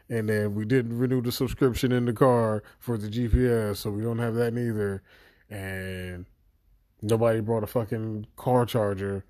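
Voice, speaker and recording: A man's voice: on the low side, fairly even intonation, moderate pace, dark tone. A man giving an exasperated, profanity-laden video review of a series he thinks let him down. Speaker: show reviewer.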